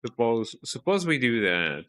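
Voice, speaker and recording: A man streaming a video game live, talking to himself in a worried, halting way and yawning now and then. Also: medium pitch, very animated, bright, forceful tone. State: sleepy, yawning. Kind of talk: casual live gameplay commentary.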